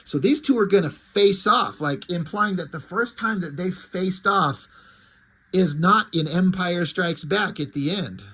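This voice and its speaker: A man's voice: high voice, measured pace, a bit bright, breathy edge. A man reviewing comics in casual chat, loose and profane, with many fillers.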